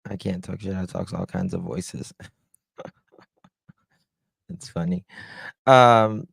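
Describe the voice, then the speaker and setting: A man hosting a true-crime livestream, talking slowly with a gravelly edge in a low-ish voice. He chats casually, greeting viewers by name and reading their comments aloud. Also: dry recording, clean studio sound.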